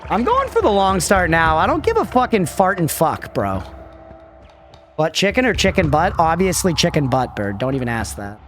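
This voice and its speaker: A man's voice: on the high side, wildly swooping pitch, normal speed, fairly bright tone, soft background music. A man in his thirties streaming a game, rambling casually, laughing often and swearing to chat. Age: 30s. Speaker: livestreamer. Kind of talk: casual gaming commentary to chat.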